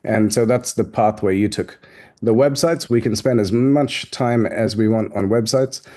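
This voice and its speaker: A man leads a business Q&A over a video call, casual and lively as he acts out the people in his stories. His tone is warm and mellow. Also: lowish voice, normal speed. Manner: animated storyteller, acts out quoted people. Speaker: host and business coach.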